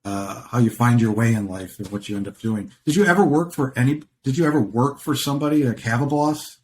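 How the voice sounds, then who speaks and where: A man's voice: medium pitch, fairly quick, a little hiss or hum. A man hosting a podcast, musing reflectively and repeating himself as he thinks. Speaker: podcast host. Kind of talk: conversational interview.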